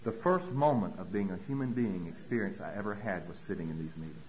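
A man's voice: sits low, lively intonation, fast talker, dull audio, a little hiss or hum. A man giving a personal recovery talk at a meeting, telling his story with animation and acting out dialogue.

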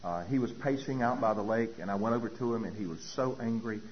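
A man sharing his recovery story from a podium as a personal testimony, telling it in an animated way and acting out other people's voices. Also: on the low side, fast talker. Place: speaking at a podium. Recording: dull lo-fi recording with faint hiss.

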